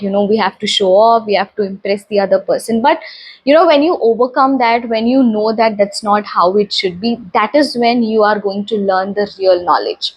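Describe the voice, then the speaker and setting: Female English tutor, native Telugu speaker, slow and encouraging delivery, slightly husky. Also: medium pitch. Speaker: English teacher. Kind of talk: casual teaching talk to camera.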